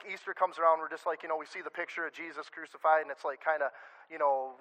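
A male pastor giving a sermon in a conversational, animated way, often restarting his sentences. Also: fairly high pitch, poor audio.

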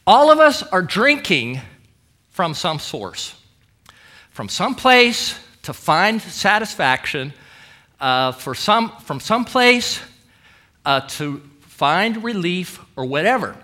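A man preaching a sermon with emphatic delivery, dramatic pauses and quoted scripture. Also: high voice, pushed and bright. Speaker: pastor.

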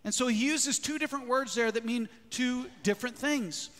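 A man preaching a sermon as a pastor in a church, lively, often putting questions to the congregation. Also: extremely high pitch, normal speed. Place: church sanctuary. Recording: long hall reverb.

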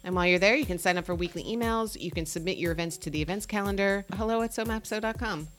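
A woman from New Jersey co-hosting a casual local events podcast, listing events in a brisk, upbeat way. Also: medium pitch, fairly bright tone, soft background music. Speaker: podcast co-host.

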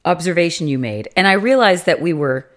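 A woman's voice: on the low side, expressive, brisk. A young adult woman co-hosting a podcast, chatting casually and wryly about reality dating shows. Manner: chatty, wry, mimics others in quotes. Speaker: podcast co-host. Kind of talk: casual chat.

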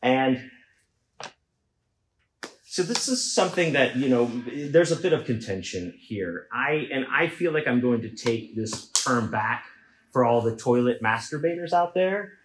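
A man's voice: medium pitch, lively intonation, a little slow, noisy background. A middle-aged man from Houston telling a comic story to an audience in a loose, conversational, self-mocking way. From Houston, Texas. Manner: conversational, self-mocking, acts out shouts in quoted voices. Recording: echoey room.

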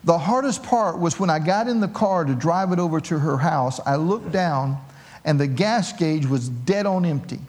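Animated middle-aged male pastor preaching. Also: a little high, moderate pace. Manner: animated storytelling with self-mocking humor. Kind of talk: sermon.

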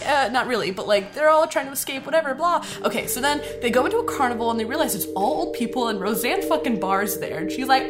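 A woman's voice: medium pitch, fast, few pauses, loud music behind the voice. Giggly, rambling young woman recapping a film. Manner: giggly, rambling, swears a lot. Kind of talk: casual chat.

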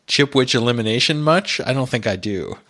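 A middle-aged man co-hosting a podcast, talking casually with a lively, swinging voice. He pokes fun at himself and laughs easily. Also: medium pitch, brisk. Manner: chatty, self-mocking, laughs often. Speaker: podcast co-host. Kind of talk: casual chat.

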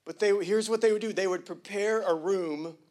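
A pastor preaching to his congregation in a high, lively voice. He talks in casual slang and jokes with the room. He drops almost to a whisper, then climbs loud and emphatic. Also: moderate pace. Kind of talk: sermon.

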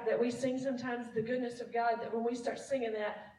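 A woman's voice: fairly high pitch, steady tone, fairly quick, mellow, recorded from a distance. A woman who leads praise and worship, giving a casual, self-deprecating testimony sermon to her church and laughing often. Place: church sanctuary. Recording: echoey room, mic from afar.

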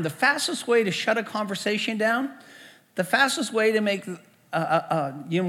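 A pastor tells stories from the pulpit of a church sanctuary, preaching in a conversational style and frequently repeating words along the way. His voice sits high and is a bit bright, and the recording has the echo of a church hall.

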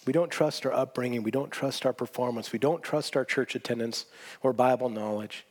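A man's voice: medium pitch, brisk, darkish tone. Earnest male pastor preaching. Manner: earnest, emphatic repetition with restarts. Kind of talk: sermon.

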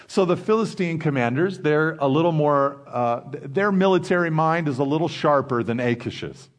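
A male preacher works through scripture in a Bible study. He reads in a measured voice, then explains in a casual, talkative way. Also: a little high, animated. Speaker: Bible teacher.

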